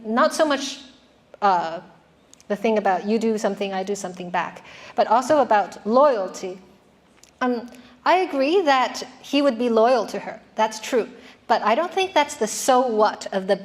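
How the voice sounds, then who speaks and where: A woman's voice: fairly high pitch, moderate pace. A woman giving a classroom lecture on poetry, explaining patiently and putting questions to her students.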